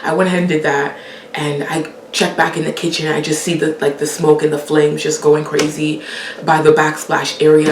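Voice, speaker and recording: Young woman, casual storytelling, laughs often, lowish voice, roomy echo, faint hiss. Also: moderate pace, distant mic. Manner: animated, laughs often, acts out quoted lines. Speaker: storyteller host.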